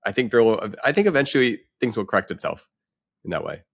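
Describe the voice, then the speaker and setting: Low-voiced man asking questions on a podcast. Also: very animated, quick pace, vocal fry. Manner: questioning, reflective. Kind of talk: casual podcast chat.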